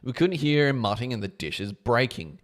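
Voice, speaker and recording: A man's voice: medium pitch, expressive, normal speed. Man reading a book aloud on a livestream. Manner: casual asides with swearing between read passages.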